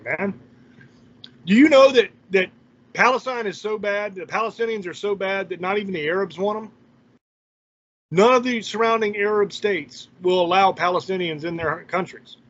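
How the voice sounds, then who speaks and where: A man's voice: high-pitched, a bit bright. A man hosting his own channel, delivering a heated opinion rant in a blunt, profane and scornful way. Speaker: channel host. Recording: dull lo-fi recording.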